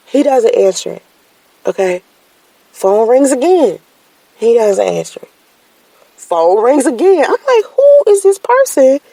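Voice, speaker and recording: A woman tells a personal story in a loose, slangy way. Her pitch swings widely and shoots up when she voices her own shock. Her tone is mellow and the recording is dry and close. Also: no echo, rough recording. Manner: animated, slangy storytelling with sudden high-pitched exclamations. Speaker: vlogger telling a personal story. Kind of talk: casual storytelling.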